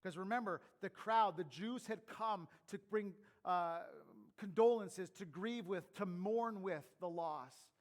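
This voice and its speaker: A middle-aged man with a fairly high voice delivers a sermon as pastor. He drops to hushed, intimate asides and then builds to loud, emphatic calls to his listeners. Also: slow, hardly any pauses.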